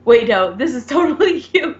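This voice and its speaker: A young woman co-hosting a casual drama discussion, relaxed and full of filler words. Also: high voice, moderate pace, roomy sound, highs cut off. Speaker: co-host of a drama discussion channel. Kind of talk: casual chat.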